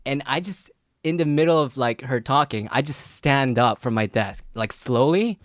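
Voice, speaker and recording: A young Filipino man co-hosts a podcast, telling a long story in casual chat, rambling with lots of fillers and restarts and laughing his way through it. His voice sits at medium pitch with lively intonation and normal speed. The studio-quality recording has no room sound.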